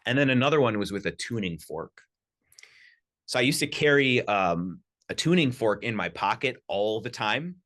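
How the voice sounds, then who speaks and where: A man telling lively personal anecdotes as a podcast guest, talking casually with lots of "you know" and "like". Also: medium pitch, moderate pace. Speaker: podcast guest, sound healer. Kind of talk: casual storytelling. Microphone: studio podcast mic.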